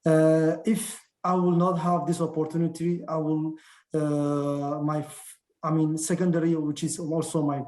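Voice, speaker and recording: Halting man with a French accent. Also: fairly high pitch, darkish tone, echoey room. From Djibouti. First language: not English. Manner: halting, many restarts and fillers. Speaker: military officer giving a talk. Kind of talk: casual Q&A answer on a video call. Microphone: video call.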